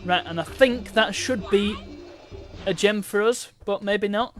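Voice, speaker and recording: A man's voice: high-pitched, unhurried, soft background music. A man giving chatty, self-mocking commentary while streaming a game.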